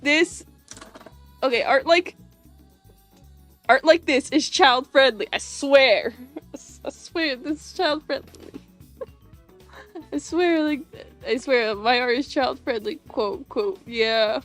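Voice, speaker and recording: Giggly high-voiced young woman streamer. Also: takes it slowly, pauses often. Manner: rambling, giggly, lots of fillers and restarts. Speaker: animation streamer. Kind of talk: casual livestream chat while drawing. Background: faint music.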